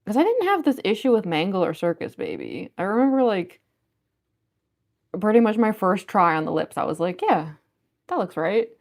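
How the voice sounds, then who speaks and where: A woman's voice: mid-range voice, wildly swooping pitch, moderate pace, vocal fry, darkish tone. A woman chatting casually on a livestream, reading viewer comments aloud and giggling often. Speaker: cosplayer livestreamer.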